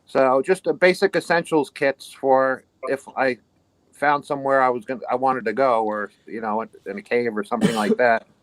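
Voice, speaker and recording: A man's voice: mid-range voice, fairly even intonation, moderate pace, no echo, low-quality recording. A man with a New York accent, a guest on a casual chat, giving practical tips step by step.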